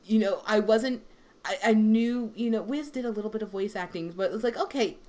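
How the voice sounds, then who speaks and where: A young woman voice actor with a deep voice, chatting casually on a livestream and rambling with many fillers. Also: brisk, warm tone. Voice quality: deep female voice.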